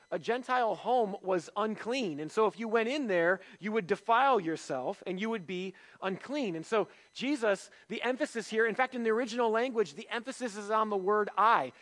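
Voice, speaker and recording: A man with a notably high voice preaches to his church. He talks in a relaxed, conversational way, throws out rhetorical questions, and jokes about himself. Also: low-quality recording. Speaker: pastor. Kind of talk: sermon.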